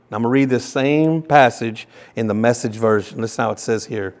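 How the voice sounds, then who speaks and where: In a mid-range voice, a man preaches impassioned sermon as a pastor. He tends to repeat words and begin sentences again, and his scripture readings come out very slow and soft.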